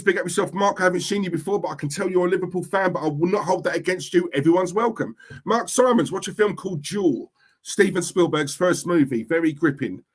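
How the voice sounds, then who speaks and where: His voice sits high and slightly rough, with an East London Cockney accent. The young man hosts a laid-back livestream, reading chat comments aloud, bluntly repeating himself.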